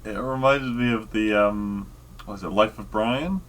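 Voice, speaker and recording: A man co-hosting a casual podcast chat, talking hesitantly with many pauses and fillers. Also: on the low side, a bit bright. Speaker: podcast co-host.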